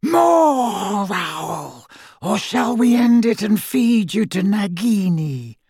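A man voicing a cruel male dark wizard in a high, cold, merciless voice for a storybook reading. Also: sing-song, slow, slightly rough, dry recording, clean studio sound, heavily acted.

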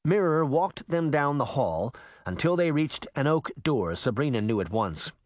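A man narrating a story aloud with expressive storytelling. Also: on the high side, measured pace, no echo, clean studio sound. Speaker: audiobook narrator. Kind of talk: scripted narration.

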